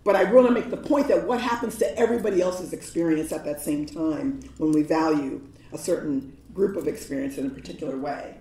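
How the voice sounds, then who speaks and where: A woman from New York giving a lecture, telling stories in a lively, humorous way. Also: deep voice, a little fast, hardly any pauses. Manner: animated, humorous storytelling with laughs. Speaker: guest lecturer. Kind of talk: storytelling lecture. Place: large lecture hall. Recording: echoey hall, voice from far off.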